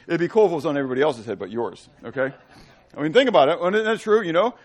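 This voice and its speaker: A man's voice: a little high, animated, rapid-fire. A man teaching a conversational Bible study, with joking asides and questions to his class.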